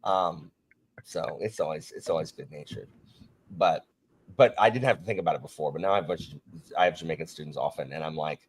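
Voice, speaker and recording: A man hosting a casual book discussion, talking in an animated, rambling way with frequent restarts. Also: very deep voice, fast, a little hiss or hum. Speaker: podcast host and teacher.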